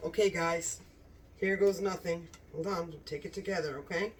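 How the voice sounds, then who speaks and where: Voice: medium pitch, steady tone, normal speed, recorded from a distance, a little hiss or hum. A home cooking channel host in a casual cooking vlog, gushing with enthusiasm about the food, recorded in a home kitchen.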